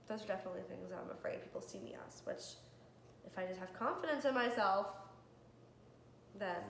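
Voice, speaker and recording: Earnest young woman vlogging in an echoey room. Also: mid-range voice. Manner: candid and earnest, with soft laughs and ums. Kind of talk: personal vlog, answering questions to camera. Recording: echoey room with faint background hiss.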